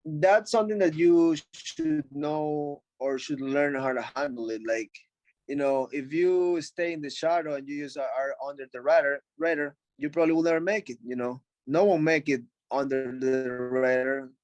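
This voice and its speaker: A man's voice: a little high, moderate pace, darkish tone, no echo, low-quality recording. Blunt, swearing man, English. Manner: blunt, profane, frank. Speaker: interview guest, fighter. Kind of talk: casual interview.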